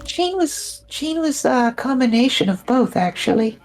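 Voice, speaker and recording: A woman's voice: sits high, lively intonation, measured pace, a little mellow, faint music behind. A woman who voices characters, chatting casually as a guest on a game stream. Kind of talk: casual chat over gameplay.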